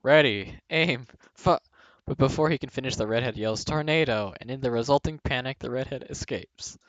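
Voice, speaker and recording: Young man, mid-pitched, reading jokes, laughs partway through lines, dry dull home recording. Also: normal speed, a bit bright, dry recording. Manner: breaks into laughter mid-sentence. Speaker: video host reading jokes aloud.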